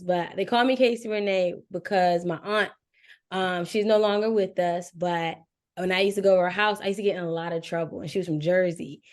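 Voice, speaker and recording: A woman's voice: on the low side, darkish tone. Candid, laughing woman telling stories. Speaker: guest, design agency owner. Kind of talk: casual interview chat.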